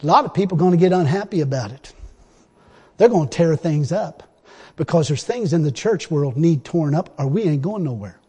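A man preaching a sermon in a church, folksy and colloquial, swinging between loud exhortation and low confiding asides. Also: animated, a little fast, husky, big-room sound.

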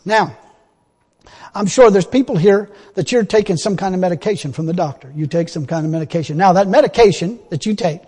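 A male preacher with a high-pitched, slightly husky voice delivers a sermon in plain, folksy grammar. He swings from loud, pressing exhortation to quiet, confiding asides. His voice carries the long reverb of a church hall. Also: brisk.

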